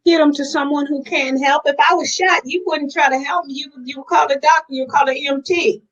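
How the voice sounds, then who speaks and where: A woman with a high voice speaks frankly and earnestly as an interview guest. She talks straight to her listeners. The recording sounds dull and lo-fi. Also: fairly even intonation, a little fast, fairly bright tone. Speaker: guest sharing her addiction recovery. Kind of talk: candid interview talk.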